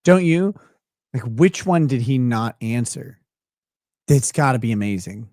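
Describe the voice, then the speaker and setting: A man's voice: mid-range voice, animated, a little slow, a little mellow, no echo, studio quality. A man co-hosting a casual livestream, teasing his partner with profane banter and mock cross-examination. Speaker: livestream co-host.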